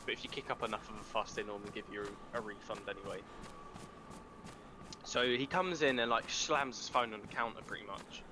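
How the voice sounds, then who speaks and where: A young man chats casually while playing a game online, a fellow player telling loose, rambling stories with plenty of swearing. His voice is on the low side and a little fast, against a noisy background.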